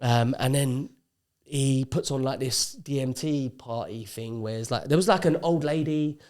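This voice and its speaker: Animated storyteller man. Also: medium pitch, unhurried. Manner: animated storyteller, acts out quotes. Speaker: podcast guest. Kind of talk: casual storytelling chat.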